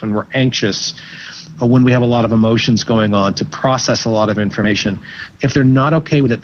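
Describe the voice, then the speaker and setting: A man speaking as a psychologist guest in an interview, giving measured advice and often repeating words as he thinks. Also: medium pitch, lo-fi sound. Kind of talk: interview answers.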